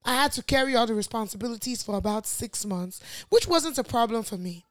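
A woman's voice: fairly high pitch, expressive, fairly quick, a bit bright, no echo. A woman reading out a confession in a posh Nigerian accent, voicing a woman in her thirties full of shame. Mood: remorseful.

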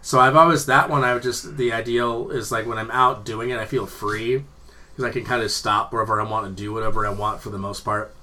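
A man's voice: on the low side, fairly even intonation, fairly quick, sharp tone, a little hiss or hum. A man in casual chat, telling rambling, profane stories with frequent laughter.

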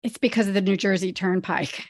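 A middle-aged woman chats as a podcast guest, friendly and quick to laugh. Her voice sits at a middle pitch and is recorded dry and close, with no room echo. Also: steady tone. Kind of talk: casual interview chat.

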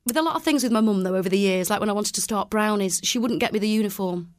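A woman's voice: medium pitch, fast talker, no echo, clean studio sound. A Mancunian woman in her forties, a children's entertainer, chatting in an interview, laughing often and acting out the voices of people she quotes. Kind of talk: casual interview chat.

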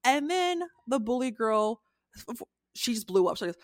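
Young woman cohost telling a story, lively, swears a lot, kinda high voice, dry close sound. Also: normal speed, no echo. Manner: animated retelling, acts out quotes in raised voice, swears freely. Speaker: podcast co-host. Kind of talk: casual storytelling chat.

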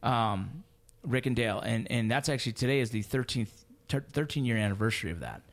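A man in his thirties telling stories in casual podcast chat, animated and profane with lots of slang. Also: mid-range voice, brisk.

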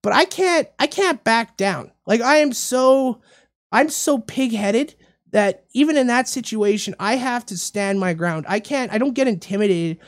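A man hosting a casual talk show, telling a story in a rambling, animated way and repeating his words. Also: extremely high pitch, a little slow. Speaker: radio show host. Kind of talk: casual podcast chat, storytelling.

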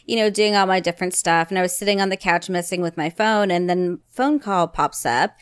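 A woman's voice: on the low side, brisk, clear, resonant tone, no room sound, studio quality. A woman in her thirties, a podcast co-host telling a story in casual chat and acting out the people she quotes. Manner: animated storyteller, acts out quoted voices.

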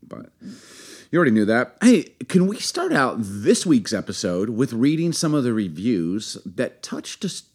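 A man's voice: medium pitch, sing-song, normal speed, husky. A man co-hosting a casual podcast, joking around as he reads listener reviews aloud. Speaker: podcast co-host. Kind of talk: casual chat.

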